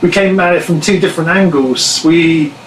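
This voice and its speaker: A man's voice: fairly high pitch, normal speed. Chatty man in echoey room. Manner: chatty, laughs easily, self-deprecating. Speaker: band member reading fan questions. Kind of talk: casual live Q&A chat. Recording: echoey room, faint noise.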